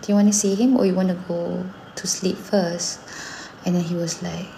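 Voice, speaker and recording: A woman in her thirties with a Malaysian accent, chatting casually and telling animated stories, switching between English and Malay mid-sentence. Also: fairly low pitch, normal speed, gravelly, background noise. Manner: animated storytelling, acting out her son's lines. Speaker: singer and mother. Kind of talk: casual chat.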